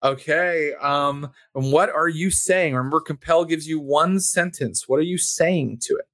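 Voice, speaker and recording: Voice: medium pitch, normal speed, a bit bright, dry recording. A game master narrating a tabletop game in a loose, rambling way, full of ums and likes. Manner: rambling, many ums and likes, laughs often.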